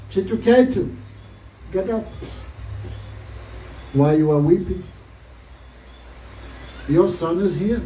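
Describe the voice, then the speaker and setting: A man's voice: high voice, mellow, slight background noise. A man playing a wise old sage consoling a king. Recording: roomy, distant mic.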